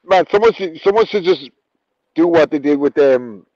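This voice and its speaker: Co-host, male, slightly high voice, sweary rambling banter, dull lo-fi remote feed. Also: expressive, moderate pace, darkish tone, no room sound. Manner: sweary, rambling, laughs mid-sentence. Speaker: podcast co-host. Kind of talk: casual podcast banter.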